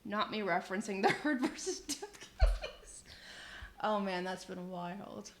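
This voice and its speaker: A woman's voice: medium pitch, animated, a little slow, roomy sound, a little hiss or hum. Chatty giggly woman streaming. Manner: chatty and giggly, says "like" a lot. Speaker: livestream host. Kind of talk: casual chat while cooking, reading chat aloud. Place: home kitchen.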